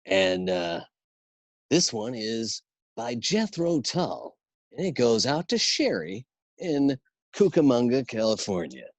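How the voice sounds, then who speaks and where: A man imitating a smooth, polished radio countdown DJ with an announcer's delivery. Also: medium pitch, big pitch swings, takes it slowly, no echo, exaggerated voice.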